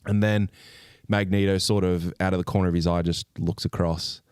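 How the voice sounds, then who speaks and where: A man with a lowish voice tells a story to his podcast co-host, excited and full of swearing, and slips into little acted-out lines. The sound is dry and close, with no room echo. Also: normal speed, smooth. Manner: animated, swears a lot, acts out scenes. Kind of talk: excited casual recap.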